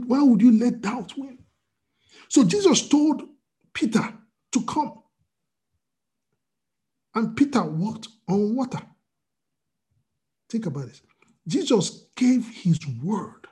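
A man's voice: extremely high pitch, expressive, takes it slowly, pauses often, warm tone. A man preaching a sermon as pastor, asking the congregation rhetorical questions.

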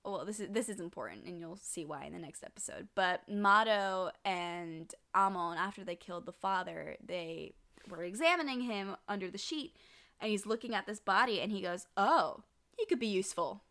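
Animated woman recapping with a friend. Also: medium pitch, moderate pace. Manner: animated, swears freely, acts out quotes. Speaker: podcast co-host. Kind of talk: casual recap chat.

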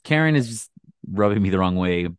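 A man's voice: lowish voice, expressive, a little fast, smooth, no echo, clean studio sound. A man co-hosting a casual podcast, gossiping and swearing with lots of "like". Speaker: podcast co-host. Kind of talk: casual chat.

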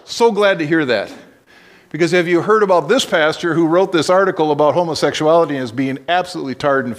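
A man delivers a sermon from the pulpit in a voice pitched a bit above most men. He moves from loose, rambling storytelling full of restarts into blunt, direct calls to his listeners. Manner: conversational storytelling with blunt exhortations and frequent restarts. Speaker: pastor.

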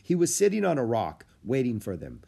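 A man narrating a children's book with lively storytelling. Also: medium pitch, a little fast, creaky. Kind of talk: audiobook reading of a children's book.

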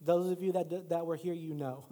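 Male pastor, middle-aged, high voice, casual storytelling sermon, reverberant church. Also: steady tone, fairly quick, mellow. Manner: casual, self-deprecating storytelling with rising preaching emphasis. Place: church sanctuary. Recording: long hall reverb.

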